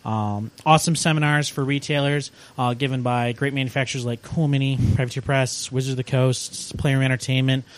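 A man guesting on a casual podcast as a sales rep, speaking in a relaxed, halting way with frequent pauses. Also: mid-range voice. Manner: relaxed, hesitant with many uh fillers.

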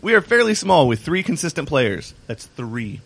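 A man's voice: a little high, very animated, normal speed, vocal fry, slightly rough. A man co-hosting a podcast who reads a listener's email aloud, laughing at the banter. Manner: amused, laughing. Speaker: podcast co-host. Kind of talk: casual podcast chat, reading a listener email.

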